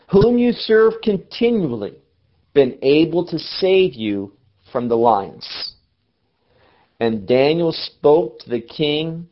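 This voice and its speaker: A man preaching a sermon, reading scripture aloud and explaining it with measured, dramatic pauses. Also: on the high side. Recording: dull lo-fi recording.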